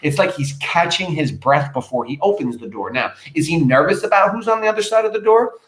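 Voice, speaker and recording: A man's voice: fairly high pitch, animated, fairly quick. Male teacher talking through a play, chatty and emphatic, echoey room. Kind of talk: reading a play aloud and explaining it to a class.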